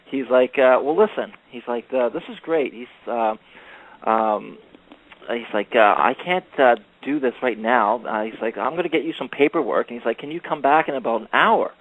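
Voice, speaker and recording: A man's voice: mid-range voice, moderate pace. Male guest, rambling storyteller with lots of fillers, heard over a tinny phone line. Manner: rambling storyteller, many fillers, acts out quoted voices. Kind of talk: casual chat.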